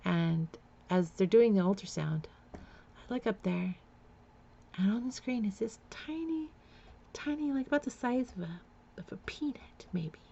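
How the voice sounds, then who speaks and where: A woman's voice: mid-range voice, lively intonation, a little slow, creaky, warm tone, lo-fi sound, a little hiss or hum. A woman frankly telling a personal life story in a blunt, confessional way. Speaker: memoir storyteller.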